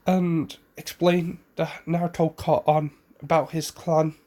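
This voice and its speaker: Man, slow rambling fan storyteller, hesitant, coughing now and then. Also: on the high side, flat delivery, dark tone. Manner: rambling, hesitant, with fillers and self-corrections. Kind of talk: casual spoken fan fiction retelling.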